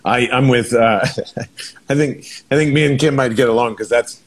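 A man hosting a casual chat, halting and searching for words with many restarts. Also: medium pitch.

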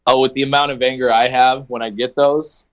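A man's voice: mid-range voice, flat delivery, a little fast, fairly bright tone, low-quality recording. A man on a radio show reading history items for the day, with playful puns and banter. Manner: punning, playful.

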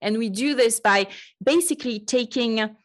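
A woman from France with a French accent, speaking as a podcast guest in an articulate, measured way with light humor. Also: a little high. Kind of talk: conversational interview.

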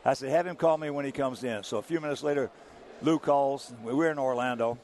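Older man, interview guest, lively anecdotal storytelling, mid-pitched voice, faint background noise. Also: brisk. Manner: animated storyteller, chuckling through anecdotes. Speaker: guest, former ballplayer.

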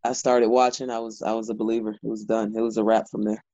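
A man's voice: fairly low pitch, fast, no echo, dull audio. A man, a wrestler guest, telling stories in a casual interview with lots of filler words. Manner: animated storyteller, lots of "like" fillers.

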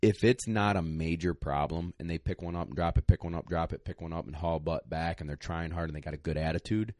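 A man's voice: low voice, fairly even intonation, a little fast, a little mellow, no room sound, clean studio sound. A man answering questions on a podcast as a dog trainer, blunt and plain-spoken, a little out of breath. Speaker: retriever trainer, guest. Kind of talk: casual podcast advice.

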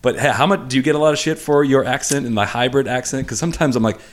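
Fast, loose-talking male podcast host. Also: medium pitch. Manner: loose, full of fillers. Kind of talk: casual interview hosting.

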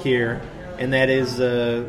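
A man hosting a sports podcast in a jokey, animated way, steering the conversation. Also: medium pitch, takes it slowly, soft background music. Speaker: podcast host. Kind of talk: casual sports chat.

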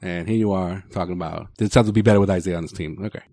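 A man's voice: low-pitched, rapid-fire, mellow, no echo, studio quality. A man co-hosting a podcast in casual sports chat, teasing the others and laughing often. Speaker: podcast co-host.

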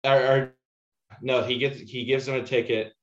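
A man co-hosting a film podcast, recalling scenes haltingly with many restarts and "um"s. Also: medium pitch, little pitch movement. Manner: hesitant, restarts and "um"s while recalling. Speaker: podcast co-host. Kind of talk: casual film review chat. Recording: dull echoey room sound.

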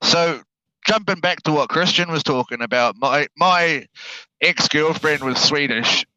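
Man, New Zealand accent, casual podcast guest, bright tone, dull lo-fi sound. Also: on the high side, measured pace, dry recording. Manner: laid-back, swears freely, repeats words while thinking. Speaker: guest, heavy equipment operator.

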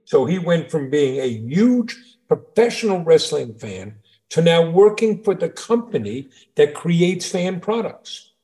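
A middle-aged man from New York co-hosting a casual show, telling jokes and reading news stories in an animated way. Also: on the high side, measured pace. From New York, USA. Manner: animated storyteller, reads stories aloud. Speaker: podcast co-host, father. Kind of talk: casual chat.

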